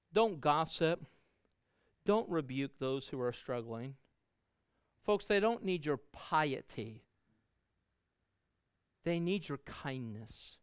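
Middle-aged man, pastor delivering a sermon; earnest, rising and falling delivery, mid pitch, clean dry close mic. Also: clear, resonant tone, no echo. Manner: earnest preaching, swells louder then drops to soft endings.

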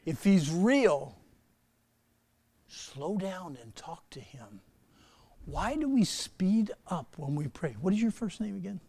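A man preaching a sermon, swinging between loud emphatic bursts and soft, slow asides, and putting questions to his listeners. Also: high voice, big pitch swings, creaky, slightly rough. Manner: asks the audience questions. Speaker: pastor.

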